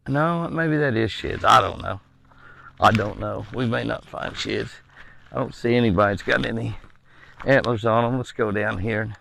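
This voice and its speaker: Gravelly man coaxing deer. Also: fairly low pitch, normal speed, sharp tone, a little hiss or hum. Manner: coaxing, chatty, coos to the deer. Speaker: ranch owner filming his deer. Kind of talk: casual outdoor vlog narration. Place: outdoors on a ranch. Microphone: handheld camera.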